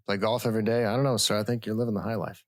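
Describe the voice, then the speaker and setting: A man's voice: on the low side, steady tone, racing. A man hosting a podcast, chatting casually with playful, hammy introductions. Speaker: podcast host. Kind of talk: casual chat. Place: studio.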